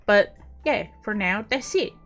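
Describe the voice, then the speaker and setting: A woman's voice: medium pitch, animated, measured pace. Woman doing a casual screen tutorial, chatty, lots of ums, faint music behind. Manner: chatty and self-deprecating, with fillers and sound effects. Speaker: tutorial creator.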